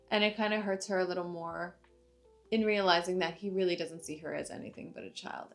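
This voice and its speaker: Chatty young woman recapping anime. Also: lowish voice. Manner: chatty, uses many fillers like "like" and "uh". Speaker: anime reviewer. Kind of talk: casual recap of an episode.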